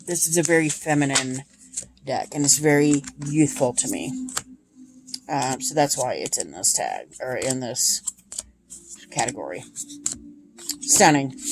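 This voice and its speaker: A woman in her thirties chatting casually and gushing about her tarot decks, with many ums. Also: sits low. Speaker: tarot deck reviewer. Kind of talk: casual chat. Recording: noisy home recording.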